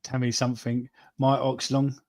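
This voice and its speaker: A man's voice: mid-range voice, completely flat delivery, moderate pace, no room sound. A man hosting a football podcast, joking crudely and calling everyone "mate". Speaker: podcast host. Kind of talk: casual banter reading out names.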